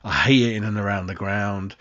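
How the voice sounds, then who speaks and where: A man's voice: on the low side, steady tone, brisk, fairly bright tone, highs cut off. A young man with a London accent hosts a live fan stream, swearing and ranting in exasperation, calling his listeners "mate.". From West London. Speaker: fan channel host. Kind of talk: casual live-stream rant.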